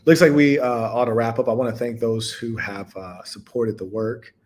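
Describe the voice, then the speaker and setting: A man talks to his live audience in a loose, casual monologue as a podcast host. He speaks at a middle pitch and tells stories in an animated way, breaking into laughing asides. His delivery keeps shifting between hushed, slow stretches and loud, quick bursts.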